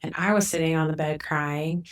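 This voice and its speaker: A woman in her forties, a podcast guest, speaking candidly and reflectively in a relaxed conversational interview. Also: low voice, moderate pace. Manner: candid, reflective, thinks aloud with fillers.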